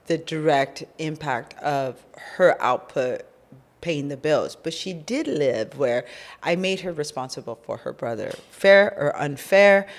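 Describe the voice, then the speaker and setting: A middle-aged woman from California, co-hosting a podcast and telling her business story in a casual, animated way, acting out the dialogue she recalls. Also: low voice. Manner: animated, acts out quoted dialogue. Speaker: podcast co-host, business founder.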